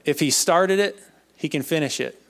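A young man giving an earnest personal faith testimony, halting and often repeating his words. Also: a little high, gravelly. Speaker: speaker sharing a testimony.

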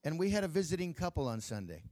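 Male pastor, high pitch, emphatic storytelling sermon. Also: sing-song, quick pace, darkish tone.

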